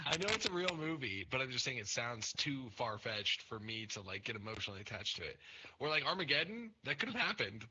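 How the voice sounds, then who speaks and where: Young man, bright voice, swearing storyteller. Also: fairly quick, highs cut off, slight background noise. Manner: swears a lot, animated storytelling with pitch jumps. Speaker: podcast host. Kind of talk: casual chat.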